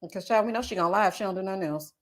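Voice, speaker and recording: A woman's voice: mid-range voice, very fast. A woman giving casual, sassy reality-TV gossip commentary and reading out viewer comments, calling her audience child and baby.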